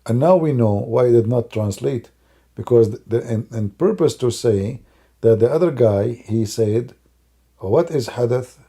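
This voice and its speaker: A man's voice: medium pitch, normal speed, dark tone, slightly rough. A man doing live-stream commentary in a mocking, sarcastic way, with non-native English grammar. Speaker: online religious commentator.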